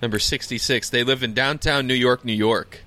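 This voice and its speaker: A man's voice: medium pitch, steady tone, normal speed, pushed and bright. A man in casual comedic chat, reading items and reacting with exaggerated disbelief.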